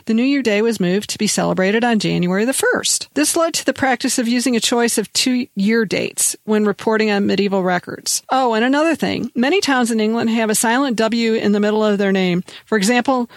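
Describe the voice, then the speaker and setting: A woman with a fairly high voice and a gravelly edge co-hosts a book podcast. She makes wry jokes and reads listener mail slowly and carefully. The sound is close and dry. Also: no echo. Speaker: podcast co-host. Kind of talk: casual chat and reading a listener's email.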